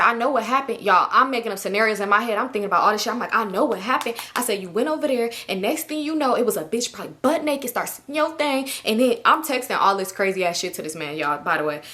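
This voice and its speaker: Young woman, bright voice, higher pitch, animated profane storytime. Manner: animated, profane, acts out her own past texts and thoughts. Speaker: storytime vlogger. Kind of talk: casual storytelling to viewers.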